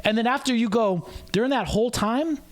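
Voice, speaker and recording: A man's voice: very high voice, brisk. A male comedian co-hosting a casual podcast chat, talking animatedly, acting out people's voices and swearing freely. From San Francisco Bay Area.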